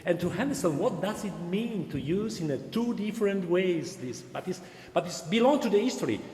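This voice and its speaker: A man hosts a panel and speaks earnestly, repeating key phrases in non-native phrasing. His voice sits a bit higher than most men's. It rings through a large church with long reverb. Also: expressive, moderate pace, warm tone, a little hiss or hum. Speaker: Dominican cultural center host. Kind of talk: panel moderation.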